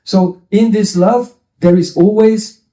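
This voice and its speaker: High-voiced man giving a devotional lecture. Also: steady tone, takes it slowly, warm tone, echoey room, rough recording. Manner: explains scripture terms, playful asides. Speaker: spiritual teacher.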